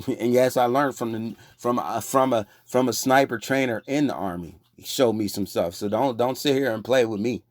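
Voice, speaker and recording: A man's voice: moderate pace, no room sound. Combative preaching man, dry sound. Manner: confrontational and profane, scolding listeners; gets louder and higher when agitated. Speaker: online religious preacher. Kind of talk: heated preaching rant.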